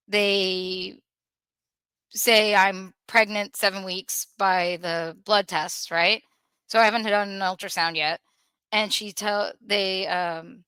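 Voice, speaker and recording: Woman, thirties, podcast host, personal story, candid, animated, bright voice, dry sound. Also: mid-range voice, smooth, no echo. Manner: candid, animated retelling with acted quotes.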